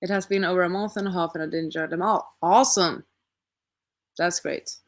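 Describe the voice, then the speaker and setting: A woman's voice: lowish voice, fairly even intonation, a little fast. A young woman casually chatting with her stream audience, thinking aloud and asking rhetorical questions. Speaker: livestream host reading chat. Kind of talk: casual chat.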